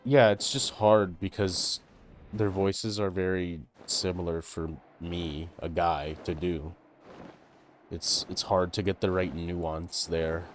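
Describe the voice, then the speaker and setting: A man streaming a game, talking casually and haltingly with frequent restarts. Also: deep voice, steady tone, slight background noise. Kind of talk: casual gameplay commentary.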